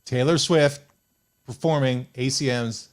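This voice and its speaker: A man's voice: mid-range voice, a little slow. A young man hosting a radio show, chatting casually and telling jokey stories. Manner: animated, joking storyteller. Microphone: studio microphone.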